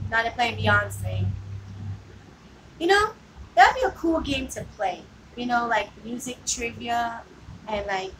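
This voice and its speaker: A woman chatting casually with viewers on a vlog, rambling, laughing often and filling her talk with "like" and "you know". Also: mid-range voice. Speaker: vlogger. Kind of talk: casual live chat with viewers. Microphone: phone. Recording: distant mic with noticeable background noise.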